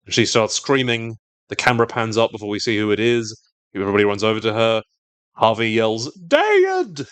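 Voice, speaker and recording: Animated man recapping a show. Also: fairly low pitch, brisk, clear, resonant tone, no echo. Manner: animated, acts out quotes in silly voices. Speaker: podcast co-host recapping a TV episode. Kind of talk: casual recap chat.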